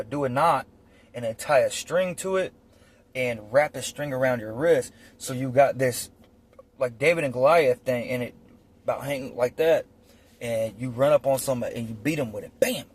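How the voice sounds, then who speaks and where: A man's voice: medium pitch, moderate pace, darkish tone. Blunt, profane man telling stories. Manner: blunt and profane, rambling with fillers. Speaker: storyteller recounting prison life. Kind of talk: casual storytime monologue.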